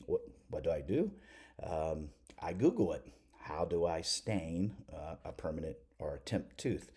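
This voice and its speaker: A man's voice: deep voice, mellow, slightly rough. A middle-aged man, a preacher, rambling through a self-deprecating story to the camera with lots of restarts.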